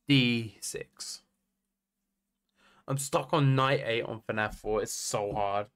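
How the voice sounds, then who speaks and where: An English game streamer chats casually with his live audience, humming idle tunes between comments. His medium-pitched voice is a bit bright and smooth, and he speaks slowly with long pauses.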